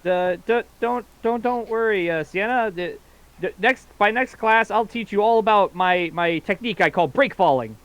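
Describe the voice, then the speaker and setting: A man's voice: high voice, moderate pace, a bit bright, clean tone, pitched above the performer's own voice. A man voicing an eager young male wizard student who stammers earnestly. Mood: reassuring.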